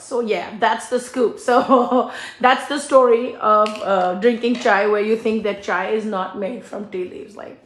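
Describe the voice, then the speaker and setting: Animated, laughing woman in an echoey kitchen. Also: on the high side, unhurried. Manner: animated, laughs often, mimics voices in her anecdotes. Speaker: cooking channel host and small shop owner. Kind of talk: chatty cooking vlog storytelling.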